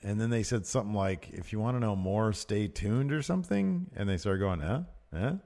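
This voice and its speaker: A man with a fairly low voice chats casually as a co-host, recapping wrestling. He laughs easily and trails off into fillers as he goes. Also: lively intonation, brisk, mellow.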